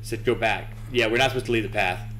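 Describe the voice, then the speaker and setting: A man's voice: on the low side, steady tone, quick pace, noisy background. A young man commentating his own horror game playthrough, nervous, swearing and talking to himself and to the game. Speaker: gaming channel host.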